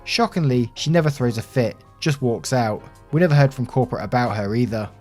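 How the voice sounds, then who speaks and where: A man reading Reddit stories aloud in an expressive, animated narration. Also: mid-range voice, a little fast. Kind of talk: scripted story narration. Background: soft background music.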